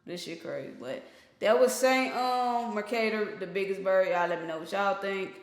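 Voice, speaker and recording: A man's voice: high voice, moderate pace. Slangy man reacting in an echoey room. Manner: slangy, blunt, swears freely, talks straight to viewers. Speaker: reaction video host. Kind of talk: casual reaction commentary. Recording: roomy echo.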